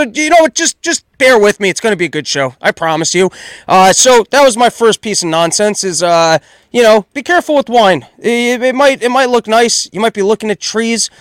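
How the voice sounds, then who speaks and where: A man in his thirties hosting a solo podcast, loud and exasperated as he rants in comedic commentary. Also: very high-pitched, no echo. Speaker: podcast host.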